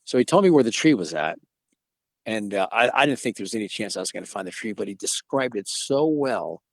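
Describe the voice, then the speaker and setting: Man, middle-aged, animated storyteller, lowish voice, dry sound. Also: fairly quick, no room sound. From Georgia, USA. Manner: animated storyteller acting out quotes, with many restarts. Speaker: interview guest, museum owner. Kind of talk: storytelling in a casual interview.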